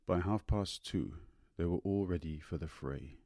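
A man narrating an audiobook of a short story in a measured, unhurried manner. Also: sits low, warm tone, dry recording, studio quality.

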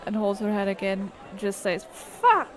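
A woman's voice: mid-range voice, unhurried, some chatter behind, a little hiss or hum. A woman player in a tabletop game, narrating her character's actions in a laid-back way. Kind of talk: tabletop role-play narration.

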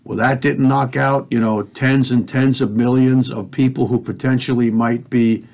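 Guy hosting a talk show, mid pitch, ranting hot and preachy, swears a lot, talks right at the listeners. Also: steady tone, moderate pace, gravelly, a little mellow. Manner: fiery, profane, preachy, addresses listeners directly. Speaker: podcast host. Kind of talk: heated conspiracy talk show rant.

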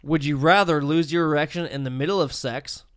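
A man's voice: on the high side, a little fast, dry recording, clean studio sound. A man co-hosting a podcast, reading out questions and teasing his friends in casual, profane banter, laughing often. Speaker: podcast co-host asking the questions.

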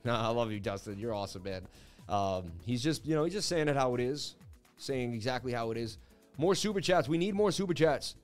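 Hyped crypto streamer man, around forty. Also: a little high. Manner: hyped, chatty, reads viewer chats. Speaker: crypto livestream host. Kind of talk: casual livestream chat.

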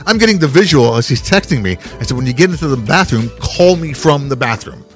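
A man's voice: mid-range voice, fast talker, faint music behind. A man, a guest dating coach, telling stories casually on a podcast and acting out his quotes. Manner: animated storyteller acting out quotes.

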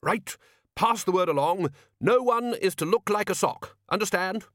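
A man voicing a blustering, overbearing male wizard who leads a university, in a booming, bellowing voice. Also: very animated, moderate pace, a bit bright, no room sound, studio quality.

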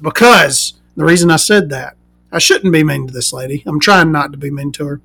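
Sarcastic, gravelly-voiced woman vlogger. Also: deep voice, a little fast, fairly bright tone. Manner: sarcastic, profane and mocking. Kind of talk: casual storytelling rant.

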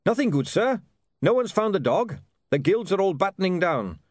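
A man's voice: high-pitched, sing-song, normal speed, no echo, studio quality, voice pushed up. A man voicing an earnest young watch captain. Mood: dutiful.

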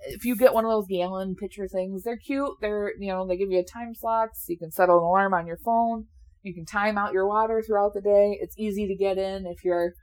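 A woman's voice: medium pitch, fairly even intonation, fairly quick, a little mellow. A woman in her late twenties chatting casually and candidly, laughing often and swearing now and then, a little sleepy. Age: 20s. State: sleepy, yawning. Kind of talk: casual chat.

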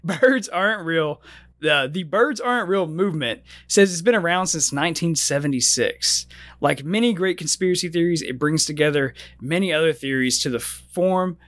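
A man's voice: fairly high pitch, moderate pace, fairly bright tone. A man co-hosting a casual comedy podcast, swearing often, laughing a lot and reading conspiracy theories aloud. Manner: profane, laughing, reads conspiracy texts aloud. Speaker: podcast co-host.

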